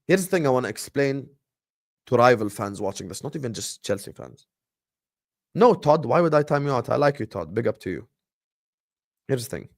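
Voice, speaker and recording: A young man hosting a casual football livestream, animated and teasing, swinging between loud bursts and hushed asides. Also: mid-range voice, normal speed, creaky, pauses often, no echo, clean studio sound. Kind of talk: casual fan livestream rant.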